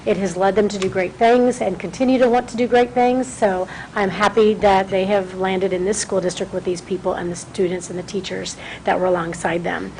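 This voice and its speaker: A woman's voice: mid-range voice, fairly even intonation, a little fast, few pauses, a little mellow, low-quality recording. A middle-aged woman with a mid-range voice speaks at a podium in a board meeting room. She is chatty and self-deprecating, thanking the board at length. A faint hum of room noise sits behind her. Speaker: city councilwoman, guest speaker. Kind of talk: public address at a school board meeting.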